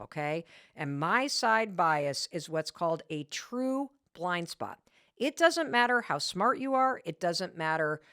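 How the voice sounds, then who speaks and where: A woman's voice: mid-range voice, a bit bright, dry recording, studio quality. A middle-aged woman hosting a podcast, telling a candid, self-mocking story in a casual way and acting out the quoted lines. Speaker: podcast host.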